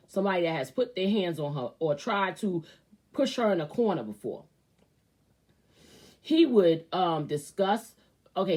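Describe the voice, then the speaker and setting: A woman hosting a casual advice show, reading a viewer's letter aloud and reacting with loud outbursts and muttered asides. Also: fairly low pitch. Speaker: host.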